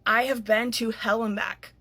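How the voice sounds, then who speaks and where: A woman in her thirties, an author, retelling a story in an indignant, animated vlog style, still worked up. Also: fairly high pitch, moderate pace. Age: 30s.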